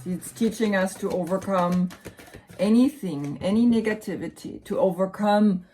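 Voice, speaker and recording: A woman's voice: medium pitch, moderate pace, dark tone. A woman with a German accent giving a casual tarot reading, rambling and often repeating words. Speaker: tarot reader.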